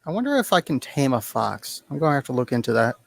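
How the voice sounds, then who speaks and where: A man's voice: medium pitch, very animated, fast talker, vocal fry, dry recording. A man chatting casually in a self-deprecating way about his gaming mishaps. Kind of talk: casual chat.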